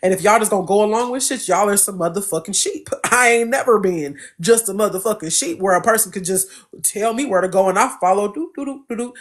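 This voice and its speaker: Talking fast in a medium-pitched voice, this podcast host spins a story in a casual chat. She mocks people by quoting their voices, stays animated throughout and laughs often.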